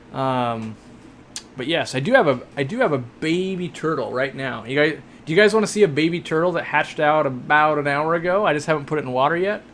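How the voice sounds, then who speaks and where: A man's voice: fairly high pitch, brisk, a bit bright, slight background noise. Chatty young man hosting a live stream. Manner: chatty, joking, rambling with many fillers. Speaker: host of an aquarium shop live stream. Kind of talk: casual live-stream chat, reading viewer questions.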